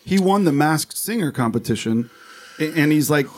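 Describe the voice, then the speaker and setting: A man co-hosting a casual podcast chat, easygoing and quick to laugh. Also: lively intonation, slight background noise. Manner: easygoing, laughs often, mid-pitched. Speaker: podcast co-host.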